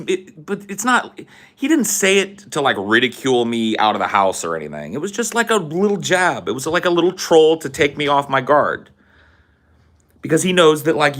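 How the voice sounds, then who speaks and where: A young man talking on a podcast in a loose, rambling way. He swears casually and fills the gaps with lots of fillers. His voice sits at an ordinary middle pitch for a man. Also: expressive, a little fast, fairly bright tone. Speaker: podcast host. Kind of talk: casual storytelling chat.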